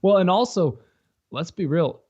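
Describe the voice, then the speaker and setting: A man co-hosting a podcast in casual chat, animated and quick with quips. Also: sits high, slightly rough, muffled recording. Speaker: podcast co-host.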